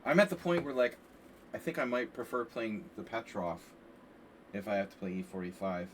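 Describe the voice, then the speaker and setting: A man casually commenting on chess games during a live stream, rambling and animated with lots of filler words. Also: fairly low pitch, normal speed. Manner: rambling and animated, frequent "like" and "you know". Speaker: chess coach streaming a lesson. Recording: distant mic with faint background hiss.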